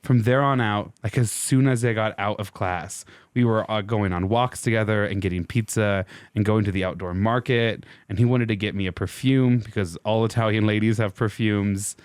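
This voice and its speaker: A man's voice: on the low side, normal speed, few pauses, smooth, no echo, lightly acted. A man reading as a young woman in love. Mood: dreamy. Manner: reads quotes aloud in his own voice.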